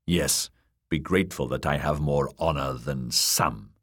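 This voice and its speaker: A man voicing a smooth, scheming male lord protector who speaks in a cold, measured, commanding way. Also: very deep voice, fairly bright tone, voice pushed down, heavily acted. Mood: cold, angry. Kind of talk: audiobook character voice.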